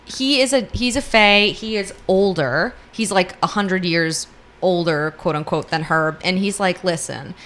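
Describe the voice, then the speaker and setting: A lower-voiced woman on a podcast, chatting her way through a story with loose, lively delivery. She keeps slipping into quoted dialogue and fillers like "like". A faint hiss sits under her voice. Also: unhurried. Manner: animated retelling full of "like" and quoted dialogue. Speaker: podcast co-host. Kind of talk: casual chat retelling a story.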